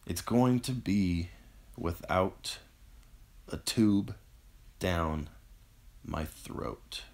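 A man voicing a dying young man who gasps for breath between words, weak and strained, slow and gravelly. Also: sits low, a little mellow, heavily acted. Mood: gasping, tender.

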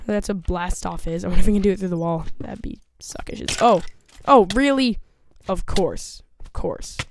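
A woman's voice: fairly low pitch, fairly even intonation, fairly quick, darkish tone, a little hiss or hum. A woman commentating her own gameplay, talking nervously to herself and to the monsters on screen. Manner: jumpy, nervous, chattering to herself and the game. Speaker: gaming video host. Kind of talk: let's play commentary.

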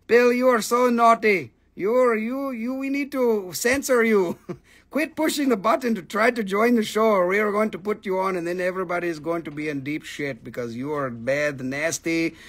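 A high-pitched man hosts a live crystal sale in a loose, chatty way. He teases his viewers, breaks into laughter and swears without a second thought. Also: normal speed, a bit bright. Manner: teasing, laughing, swearing freely. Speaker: live-stream crystal seller. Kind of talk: casual live sales stream.

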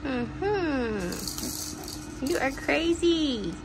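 A woman's voice: high-pitched, animated, slow, vocal fry, over music. A mother on a family vlog, cooing at her baby in sing-song baby talk.

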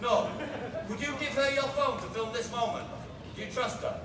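A man performing a crowd-work street show outdoors, loudly bossing and teasing his volunteers. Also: very high-pitched, normal speed, noisy background. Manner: loud, bossy and teasing with volunteers. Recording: distant echoey outdoor sound with loud crowd.

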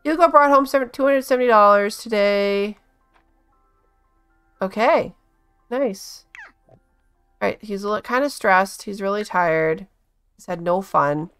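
A woman giving casual let's-play commentary, chatty and bossing her game characters around with quick exclamations. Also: medium pitch, fairly bright tone, clear, resonant tone, faint music behind. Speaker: gaming channel host.

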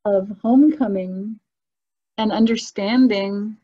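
A woman's voice: mid-range voice, slow, muffled recording. A woman telling a personal spiritual story in a casual, earnest and emotional way, as a guest on a video call.

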